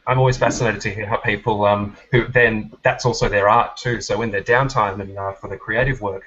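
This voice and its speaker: A man's voice: lowish voice, steady tone, a little fast, fairly bright tone, husky, lo-fi sound. A man asking a songwriter questions in a casual, hesitant way, often restarting his sentences. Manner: hesitant, many ums and restarts. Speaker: interviewer.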